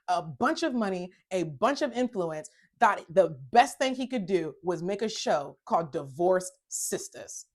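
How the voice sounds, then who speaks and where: A woman's voice: lowish voice, animated, unhurried, few pauses. A woman hosting a self-help talk, speaking emphatically, repeating phrases for stress and growing heated when she is upset. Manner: emphatic, repeats phrases, addresses listeners as y'all; gets worked up and loud when upset. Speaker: host.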